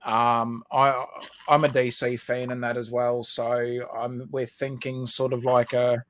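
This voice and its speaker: A man's voice: medium pitch, flat delivery, unhurried, fairly bright tone. An Australian man co-hosting a livestream, rambling and giggling, with lots of ums and restarts. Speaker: livestream co-host. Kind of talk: casual chat.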